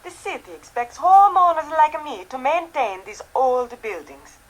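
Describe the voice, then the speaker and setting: An actress playing a vain, chatty Venetian landlady in a mystery game, with a lively, theatrical delivery. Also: sits high, a little slow, low-quality recording. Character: tanned Italian landlady in Venice, vain, chatty. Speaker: game character.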